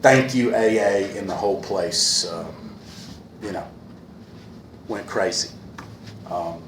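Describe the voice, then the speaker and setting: A man speaking earnestly at a recovery meeting, repeating a refrain and pausing often with fillers, a little emotional. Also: fairly low pitch. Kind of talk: personal talk at a meeting. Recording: echoey room with faint hiss.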